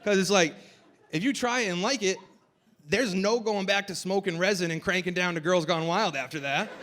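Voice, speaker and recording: A young man doing a stand-up comedy set on a festival stage, with a loose, rambling delivery full of "like" and shouting over the crowd at times. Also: sits high, moderate pace.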